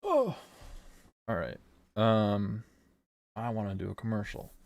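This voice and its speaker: A man's voice: lowish voice, wildly swooping pitch, slow, creaky, a little mellow. A man streaming casually while he works, thinking aloud in a rambling way that corrects itself, swearing and laughing often.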